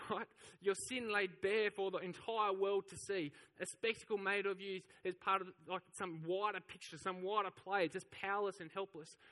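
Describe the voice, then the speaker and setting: A man's voice: high-pitched, bright, forceful tone, big-room sound. A man preaching a sermon, telling the story with animation and acting out the voices of the crowd. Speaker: pastor.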